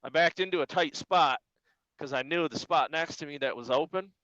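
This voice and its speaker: Man, trucker, live-stream guest, animated storyteller, slightly high voice, dull dry call audio. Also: normal speed, dry recording. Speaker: flatbed truck driver, guest. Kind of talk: casual live-stream chat.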